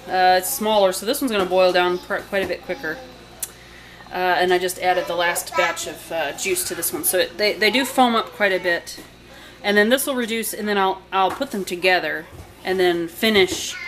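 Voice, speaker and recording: Chatty mom in a noisy kitchen. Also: female voice, medium pitch, a bit bright. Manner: chatty, rambling, with fillers and asides to a child. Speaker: home cook and channel host. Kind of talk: casual cooking vlog. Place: home kitchen. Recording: home video with noticeable background noise.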